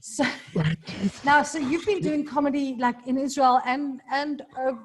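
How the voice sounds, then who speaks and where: A woman's voice: high voice, steady tone, a little slow. A woman interviewing a guest in a casual chat, encouraging and laughing along.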